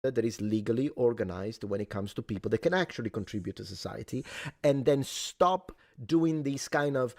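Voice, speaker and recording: A man's voice: medium pitch, normal speed, a little mellow, no echo, studio quality. A man co-hosting a talk show, reading news passages aloud and adding opinionated, indignant commentary. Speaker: co-host.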